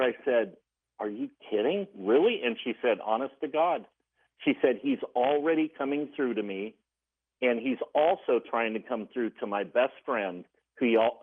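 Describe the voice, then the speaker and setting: A man phones in to a radio talk show and earnestly recounts a story, voicing the lines of each person as he goes. His voice is mid-pitched. It comes through a narrow, tinny telephone line. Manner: earnest, retelling dialogue in quotes. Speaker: caller.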